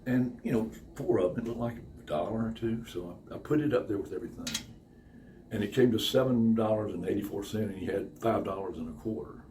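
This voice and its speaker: A man's voice: on the low side, a little fast, dark tone. Profane, laughing male storyteller, distant mic. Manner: profane, laughs often while telling a story. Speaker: podcast guest. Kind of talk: casual storytelling. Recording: distant mic with faint background noise.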